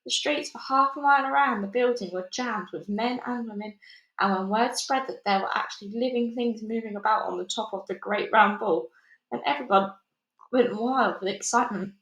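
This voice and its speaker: A woman reading a children's book aloud chapter by chapter, steady with small slips and restarts. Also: on the high side, normal speed, highs cut off. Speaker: storybook reader. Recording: echoey room.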